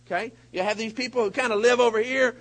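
A man preaching a sermon to a congregation, telling a story with sudden shouted bursts and quiet asides. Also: extremely high pitch, fairly even intonation, fast talker, low-quality recording. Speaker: pastor. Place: church hall before a congregation.

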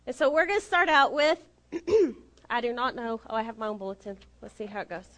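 A middle-aged woman giving a storytelling sermon, animated and self-deprecating, acting out the dialogue. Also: a little high, a little fast. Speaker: lay preacher.

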